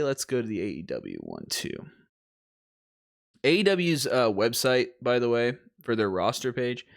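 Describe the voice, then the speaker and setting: Rambling man with lively pitch. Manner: rambling, chuckling, self-interrupting. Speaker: wrestling commentary host. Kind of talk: casual commentary.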